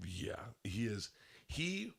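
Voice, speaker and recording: A man telling a long story on a podcast, profane and animated, swinging between loud excited bursts and low hushed asides. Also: takes it slowly, creaky. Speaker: comedian guest telling a story.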